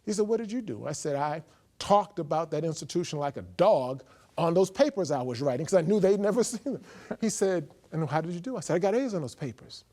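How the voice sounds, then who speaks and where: A man with a fairly high voice recounts his testimony as an animated story. He acts out both sides of a conversation, swinging between loud outbursts and hushed, quiet lines. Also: brisk. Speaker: guest sharing his testimony.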